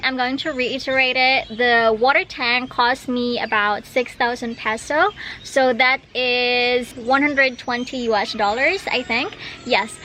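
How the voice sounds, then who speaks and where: A woman's voice: a little high, sharp tone, slight background noise. A young Filipino woman with a Filipino accent, chatting casually to viewers in a vlog filmed outdoors at a rural house. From Philippines. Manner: chatty, giggly, addresses viewers directly. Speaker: vlogger.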